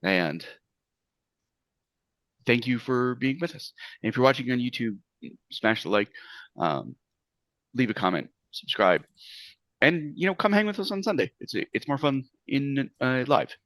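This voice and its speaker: A man's voice: mid-range voice, unhurried, pauses often, dry recording, rough recording. A man running a tabletop game as game master, chatting casually and laughing, with frequent ums. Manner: relaxed, laughing, fillers like um.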